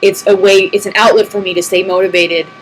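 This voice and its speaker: A woman's voice: medium pitch, flat delivery, fairly quick, slight background noise, poor audio. A woman in her thirties, talking casually to her computer at home as she answers viewer questions, rambling and laughing often. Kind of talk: casual chat to camera. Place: empty house, alone at a computer. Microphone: computer mic.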